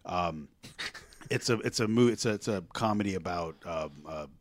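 A man from Pennsylvania, a comic and podcast host, telling stories in casual chat with animated, rambling restarts. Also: sits low, dry recording. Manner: animated storyteller, quick rambling delivery with restarts.

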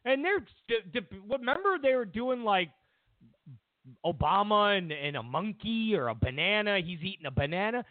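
A man's voice: high-pitched, sing-song, normal speed, no room sound. A man hosting a talk show, delivering a sarcastic, mocking political rant. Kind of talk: political commentary monologue. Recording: tinny phone-like dry sound.

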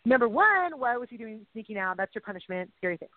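A woman co-hosting a radio show, chatting casually in an excitable, gushing, jokey way. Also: on the high side, fast, no echo. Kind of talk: casual chat. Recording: tinny phone-line sound.

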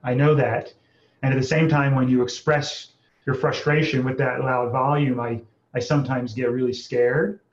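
A man guest, an internist, speaking in a gentle, earnest, halting way in calm conversation. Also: medium pitch, echoey room, highs cut off. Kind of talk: calm conversational podcast talk.

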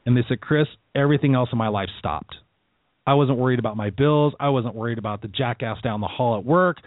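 A middle-aged man hosting a motivational radio show, telling stories in a casual, animated way and acting out the voices of people he quotes. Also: mid-range voice, no room sound. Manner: animated storytelling, acts out quoted lines, casual swearing. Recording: dry, phone-like narrow sound.

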